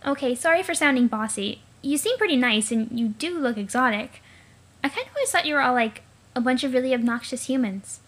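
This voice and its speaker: A woman's voice: high-pitched, lively intonation, brisk, a bit bright. A woman voicing a tired, irritable teenage girl who talks bluntly. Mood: cranky.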